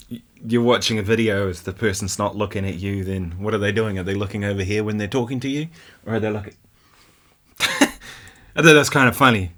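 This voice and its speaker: A man's voice: lowish voice, moderate pace, long pauses, fairly bright tone. A man from New Zealand with a New Zealand accent, hosting a guitar channel and chatting casually about viewer comments, often laughing and asking "right?".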